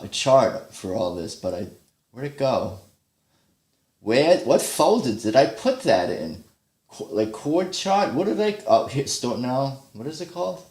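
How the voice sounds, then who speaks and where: A man's voice: medium pitch, a little mellow. A man talks loosely on his stream, rambling, wandering off mid-thought and poking fun at himself. His voice sits in the middle range and rings a little in an echoey room. A guitar is heard behind him. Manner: rambling, thinks aloud, self-deprecating. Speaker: livestream host. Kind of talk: casual livestream chat while practicing guitar. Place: home practice room. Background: guitar playing.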